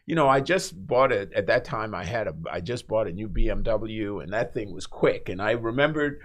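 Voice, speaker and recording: A man on a radio talk show telling a story in a casual, animated way, laughing often and acting out the people in it. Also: lowish voice, normal speed. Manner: animated, laughs through his story, acts out voices. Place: radio studio.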